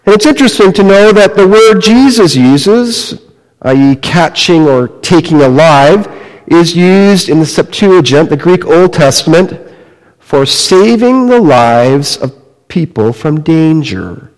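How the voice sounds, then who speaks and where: Slow-preaching man in an echoing hall. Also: on the high side, animated. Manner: slow, dramatic storytelling with wide swings in loudness. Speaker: pastor. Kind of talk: sermon. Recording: long reverb of a large hall.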